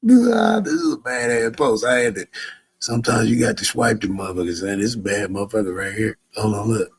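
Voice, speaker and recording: A man's voice: fairly low pitch, steady tone, fast talker, slightly rough. A man in a profane livestream rant, cursing heatedly and mocking his critics with bursts of laughter. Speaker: social media streamer.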